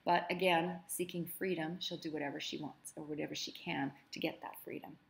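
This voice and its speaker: A woman teacher reading a novel aloud with commentary, measured and expressive. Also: low voice, creaky.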